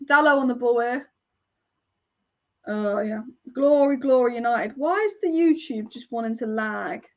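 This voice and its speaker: Excitable woman on a football watch-along. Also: on the high side, unhurried, lo-fi sound. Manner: chatty, excitable, swears casually. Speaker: football fan channel host. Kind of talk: live match watch-along commentary.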